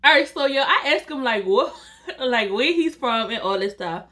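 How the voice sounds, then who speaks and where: A young woman, chatting straight to her viewers in a playful storytime. Her voice sits a little high and comes across bright and forceful. She talks loosely and keeps cracking herself up. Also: expressive, moderate pace. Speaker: storytime vlogger.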